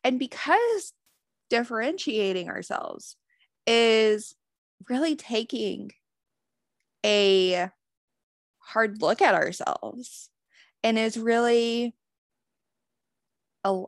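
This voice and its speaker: A woman with a fairly high voice gives a unhurried spiritual talk, her words drawn out and loose. She swears freely and fills her sentences with "like". The sound is dry and close, with no room around it. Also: animated, dry recording. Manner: casual, profane, many "like" fillers.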